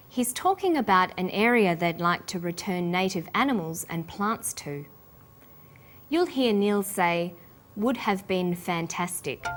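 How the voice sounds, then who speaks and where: Slow, careful Australian woman teaching pronunciation. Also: on the low side. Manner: slow, careful, clearly enunciated. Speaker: English teacher presenter. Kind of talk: scripted lesson narration.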